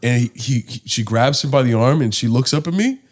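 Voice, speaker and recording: This young podcast co-host, recording at home, speaks briskly in a mid-range voice. He's animated and swears freely while telling a casual story and acting out the lines of the people in it.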